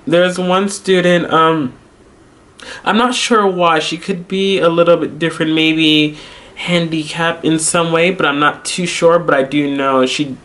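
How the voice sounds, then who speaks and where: A young man, an English teacher, telling a personal story in a casual vlog, animated and full of fillers, acting out his own reactions. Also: mid-range voice. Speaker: vlogger, English teacher abroad.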